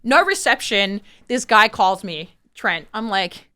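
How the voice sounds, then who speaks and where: A woman, telling her story as an interview guest in an animated way, acting out quotes and using lots of fillers. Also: mid-range voice, measured pace, clean tone. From Sydney, Australia. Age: 20s.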